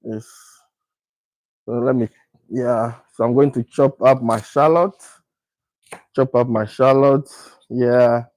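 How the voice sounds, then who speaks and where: A man's voice: medium pitch, fairly even intonation, darkish tone, dry recording, poor audio. A man from Ghana talking casually through a home cooking video, repeating his words as he works. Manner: repetitive, unhurried, talks while working. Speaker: cooking vlogger.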